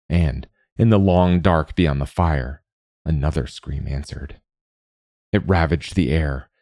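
Male narrator for a fantasy storybook: low, steady, measured, dry close-mic sound. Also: dry recording.

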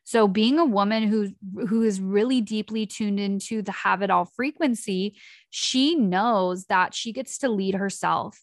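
A woman hosting her own coaching podcast in a loose, chatty way. She breaks off mid-thought and restarts often. Her voice sits at a middle pitch and the sound is dry and close, with no room around it. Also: measured pace, no echo. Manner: chatty, self-interrupting, animated acted quotes. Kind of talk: casual solo podcast talk.

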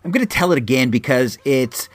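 A middle-pitched man in his forties, from Illinois, spins a loose personal story, circling back and restarting phrases. His voice sits close and dry, with no room sound at all. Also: brisk, no echo. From Illinois, USA. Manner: rambling, frequent restarts, animated. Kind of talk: casual spoken anecdote.

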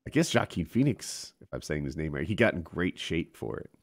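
A man's voice: rumbling low, sing-song, fairly quick. A man in casual chat, talking animatedly, swearing and laughing often.

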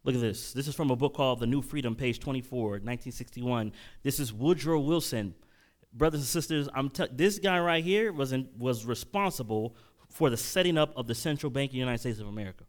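A male preacher giving a sermon-style lecture, often restarting his phrases and building to loud, emphatic bursts. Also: medium pitch, a little fast. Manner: repeats and restarts while reading quotes aloud.

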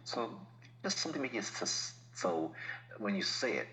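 A man's voice: on the low side, very animated, normal speed, sharp tone, slight background noise, low-quality recording. A man talking as a podcast guest in casual chat, explaining things patiently with laughs and asides.

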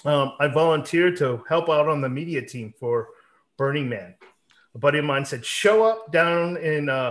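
A man in his forties hosting a casual podcast, telling a long rambling story with animated asides. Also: on the high side. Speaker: podcast host.

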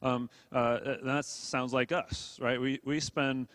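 A man's voice: mid-range voice, flat delivery, takes it slowly, a bit bright, no room sound. A man preaching a sermon to a congregation in an earnest way, often repeating words and checking in with the room. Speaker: pastor.

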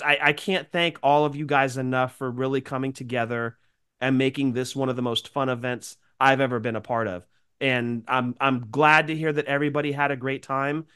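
A man's voice: mid-range voice, fairly bright tone, clear, resonant tone. Nasal, sick-sounding man chatting. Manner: chatty, rambling, grateful. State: sick with a cold. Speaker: podcast co-host. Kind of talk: casual chat.

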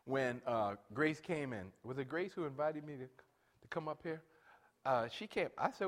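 A man in his late sixties preaching a sermon, telling family stories and directing the band and congregation, his voice rising loud for emphasis. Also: medium pitch, moderate pace, a little hiss or hum. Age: 60s. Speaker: pastor.

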